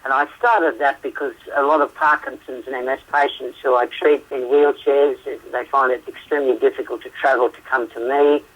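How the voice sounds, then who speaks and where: A man's voice: medium pitch, steady tone, normal speed, hardly any pauses. Chatty Australian man on a call-in interview. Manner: chatty, laughs often, hesitant fillers. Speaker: guest therapist. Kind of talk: phone interview. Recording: radio show phone line.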